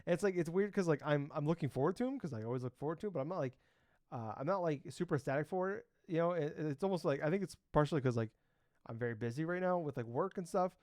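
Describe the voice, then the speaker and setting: A man's voice: on the high side, fast talker, darkish tone, dry recording, studio quality. A man in his thirties co-hosting a casual gaming podcast, rambling with lots of fillers and the odd swear word. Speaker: podcast co-host. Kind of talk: casual chat.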